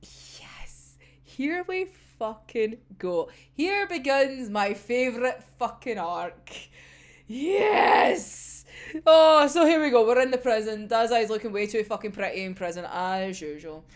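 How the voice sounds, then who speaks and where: A woman, hosting a casual episode discussion, animated, laughing often and swearing freely. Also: a little high, measured pace. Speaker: anime reaction host.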